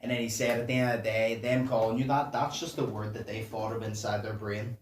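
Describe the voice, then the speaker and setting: A man hosting a reaction channel, chatting casually and profanely in a low voice while he explains song lyrics. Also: steady tone, brisk. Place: home room at night. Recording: echoey room, distant mic, faint noise.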